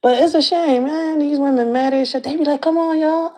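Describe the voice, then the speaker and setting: A woman's voice: high-pitched, fairly even intonation, brisk, a little mellow. A woman vlogging as a community activist, ranting to the camera in blunt, profane slang. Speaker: community activist and channel host. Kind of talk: casual rant to camera.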